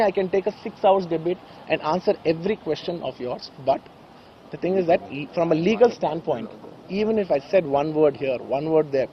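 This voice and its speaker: A man's voice: fairly high pitch, lo-fi sound, a little hiss or hum. A man with a background gives an emotional press statement, earnest and repeating phrases insistently. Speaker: speaker at a press conference.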